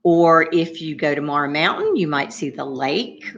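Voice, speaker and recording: A woman telling a story to young children, her low voice swooping up and down in a lively sing-song. She takes it slow and gently stops to ask the little ones questions. The recording sounds dull and lo-fi.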